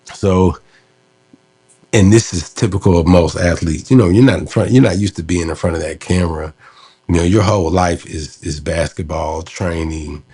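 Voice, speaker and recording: Guy with a deep husky voice, rambling casually through an old interview story. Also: normal speed, dark tone. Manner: loose, conversational, many fillers. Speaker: host recalling an interview.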